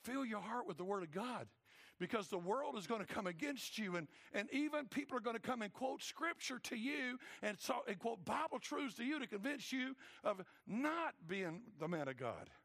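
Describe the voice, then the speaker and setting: A man, preaching a sermon emphatically and acting out voices, swinging between loud and hushed. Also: extremely high pitch, big pitch swings, normal speed, creaky. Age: 60s. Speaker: pastor.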